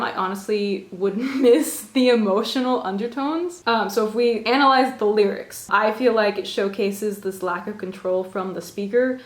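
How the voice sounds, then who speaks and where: Young female vlogger, gushing and animated, laughs a lot; roomy bedroom sound. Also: mid-range voice. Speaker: vlogger reviewing an album. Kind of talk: casual chat.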